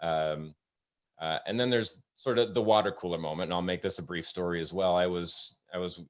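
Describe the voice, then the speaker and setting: A middle-aged man hosting a webinar, telling work anecdotes in a halting way with frequent fillers. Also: deep voice, fairly even intonation. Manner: storytelling, halting with many fillers. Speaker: host. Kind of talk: casual webinar talk with anecdotes.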